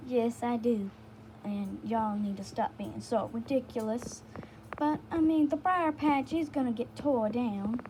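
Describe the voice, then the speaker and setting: A young woman voicing a grumpy female bear, flat and dismissive, in a noisy home recording. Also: on the high side, measured pace, lightly acted. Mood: blunt.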